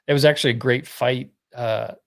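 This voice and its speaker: Male guest, middle-aged, gravelly fry in the voice, loose conversational delivery. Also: medium pitch, fairly quick. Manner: relaxed, rambling, filler-heavy talk. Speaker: podcast guest. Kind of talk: casual podcast conversation.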